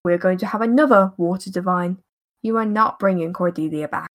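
A woman voicing a stern, booming ancient male divine being who scolds and commands. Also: fairly quick, natural voice. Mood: firm.

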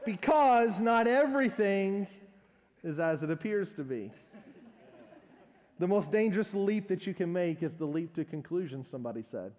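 A man's voice: high voice, sing-song, moderate pace, darkish tone, big-room sound. A male pastor preaching a sermon, telling a long humorous story as an illustration.

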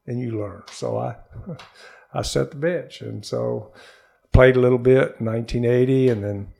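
Older male interview guest, gravelly voice, lively storyteller acting out the quotes, studio sound. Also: mid-range voice, unhurried. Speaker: interview guest, former pro baseball player. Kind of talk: animated storytelling in conversation.

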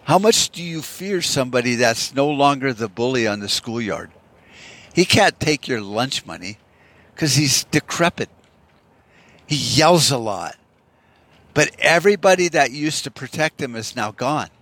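A man's voice: mid-range voice, lively intonation, unhurried, a bit bright. A man delivering a heated, profane, rambling monologue as a podcast host. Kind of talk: casual rant monologue.

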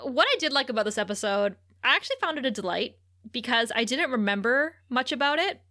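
A woman co-hosting a casual podcast, recapping a TV episode with animated retelling and frequent laughter. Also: a little high, quick pace. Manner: animated, laughs often, acts out quotes. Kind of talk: casual chat.

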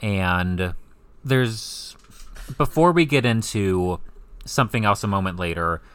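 A man co-hosting a casual comic-book podcast, relaxed and wry, steering the discussion. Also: lowish voice, takes it slowly, clean tone, no echo. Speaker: podcast co-host.

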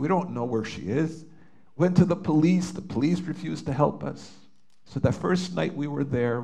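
A man's voice: a little high, creaky, a little mellow. A middle-aged man from Canada recounting a personal family story with earnest emotion, often hesitating and restarting. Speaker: father telling his story. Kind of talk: personal testimony.

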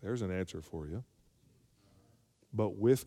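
A man's voice: medium pitch, normal speed, dark tone. A male pastor preaching a sermon, calling for amens and rising to emphatic peaks. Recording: long hall reverb.

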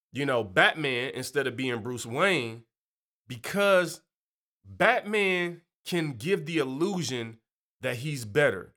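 A man with a bright, lively voice gives a casual faith talk. He leaps up and down in pitch while he explains, chatty and animated. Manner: animated, chatty, keeps asking "you know". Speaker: Christian speaker.

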